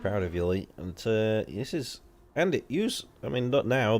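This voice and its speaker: Against slight background noise, a young man calls an online racing league live at a moderate pace. He's an excitable rambler who swears casually, and his voice jumps high when the action gets heated.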